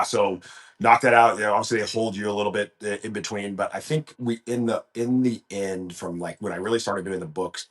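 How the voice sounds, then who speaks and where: Golf pro guest, man, very low voice, lively storyteller who often restarts sentences. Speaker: golf professional, podcast guest. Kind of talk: casual storytelling interview.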